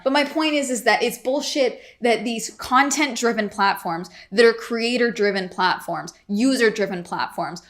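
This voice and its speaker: A woman's voice: on the high side, normal speed, fairly bright tone. A woman vlogger ranting to camera, getting worked up and exasperated, swearing freely. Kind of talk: casual ranting vlog.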